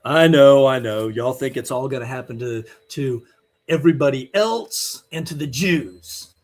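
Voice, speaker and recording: A man's voice: mid-range voice, unhurried. A man giving an online teaching sermon, emphatic, blunt and scolding as he presses his point. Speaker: Bible teacher.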